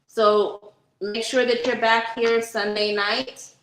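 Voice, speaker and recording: A woman's voice: a little high, flat delivery, takes it slowly, fairly bright tone, echoey room, poor audio. A woman hosting a casual livestream, chatting directly with viewers and giving a tarot reading, swearing freely. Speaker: spiritual reader and livestream host.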